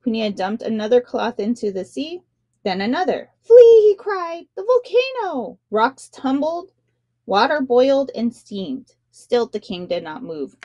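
A woman reading a children's picture book aloud with expressive, dramatic narration. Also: on the high side, measured pace, dry recording, dull audio. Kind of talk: read-aloud storytelling for children.

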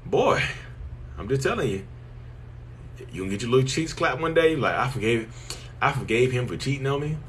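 A man's voice: medium pitch, lively intonation, fairly quick, pauses often, a little hiss or hum. A man hosting a casual live stream, answering viewers bluntly and joking with them. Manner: blunt, joking, teasing, colloquial, talks straight to viewers as "y'all".

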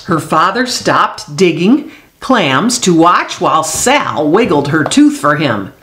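A woman reading a children's picture book aloud, telling it in an expressive, unhurried way. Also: fairly low pitch. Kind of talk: storybook read-aloud. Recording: echoey room.

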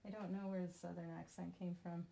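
Chatty Vermont woman, low-pitched. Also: little pitch movement, fairly quick, vocal fry, dark tone. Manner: chatty, self-deprecating, jokes aside to someone off camera. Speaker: craft tutorial host. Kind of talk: casual craft demonstration.

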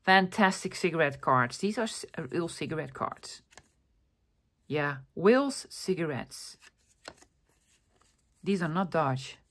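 A woman's voice: sits low, animated, slow pace, long pauses, a bit bright. A woman vlogger casually showing off a haul of thrift finds, talking in an enthusiastic, rambling way with lots of fillers and self-corrections. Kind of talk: casual chatty show-and-tell.

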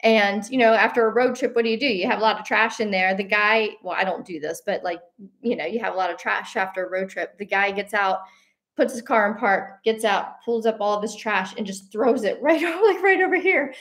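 A woman's voice: medium pitch, brisk. Earnest rambling woman host. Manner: earnest, rambling, with frequent fillers and restarts; animated when telling a story, breaking into laughs. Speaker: host of a talk show. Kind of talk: casual unscripted monologue.

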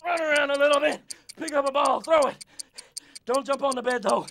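A man acting as a coach, leading a one-minute exercise break with loud rallying calls and jokes. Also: extremely high pitch, brisk, gravelly. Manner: counts down and chants along while exercising. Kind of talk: energetic workout instruction.

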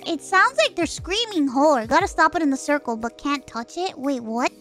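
High, animated woman streamer, loud and profane. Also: takes it slowly, long pauses, faint music behind. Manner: loud, exclamatory, profane, laughing. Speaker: streamer reacting to videos. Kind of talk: casual reaction stream.

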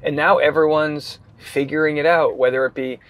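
A man's voice: a little high, steady tone, a bit bright. A man in his thirties hosting a podcast, chatting casually and joking around with his guest. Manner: joking, rambling, quick to laugh. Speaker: podcast host. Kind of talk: casual chat.

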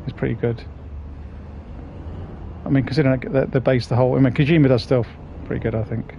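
A man's voice: mid-range voice, steady tone, fairly quick, vocal fry, highs cut off, slight background noise. A man streaming a game, chatting casually with viewers, swearing and greeting them by name. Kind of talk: casual live-stream chat.

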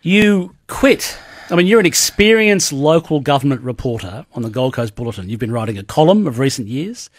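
A man's voice: mid-range voice, lively intonation, fairly quick, hardly any pauses, no room sound, clean studio sound. An Australian man hosting a radio interview, prompting his guest and finishing her sentences. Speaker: radio host. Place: radio studio.

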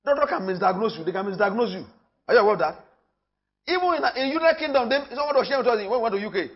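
A man with a Nigerian accent preaching a sermon in church. He talks with emphasis, repeats his phrases and swings from loud to hushed. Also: high-pitched, expressive, rapid-fire, muffled recording. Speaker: pastor.

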